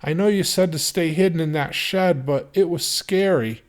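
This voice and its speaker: A man voicing a small, frightened girl who speaks in a halting, pleading way. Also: fairly low pitch, a little mellow, pitched above the performer's own voice, natural voice. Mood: scared.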